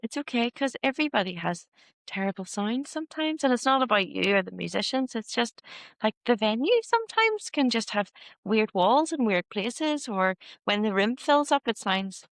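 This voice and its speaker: A woman's voice: fairly high pitch, moderate pace, no echo. A woman, a singer guesting on a podcast, telling stories in casual talk and acting out her own reactions. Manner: lively, animated storytelling with acted-out exclamations. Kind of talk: casual conversation.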